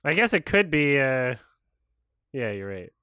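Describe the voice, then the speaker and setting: A man's voice: mid-range voice, sing-song, unhurried, pushed and bright, clean tone, dry recording, studio quality. A man giving casual, sarcastic commentary while watching a film live, swearing often. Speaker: host reacting to a film.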